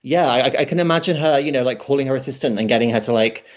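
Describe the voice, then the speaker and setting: Expressive man chatting on a podcast. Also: mid-range voice, rapid-fire. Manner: expressive, acts out quotes. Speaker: podcast co-host. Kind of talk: casual chat.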